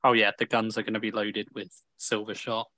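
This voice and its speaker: A man's voice: lowish voice, level tone, a little fast, pushed and bright, no echo. Dry-humored man at a tabletop game.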